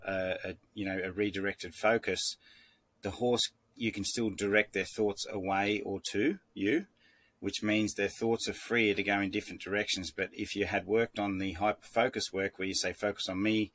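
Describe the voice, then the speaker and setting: A man with a low voice that stays flat and even, walking through horse-training ideas in a calm, measured way. He circles back and restarts his sentences as he explains. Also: dry recording. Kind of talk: instructional talk.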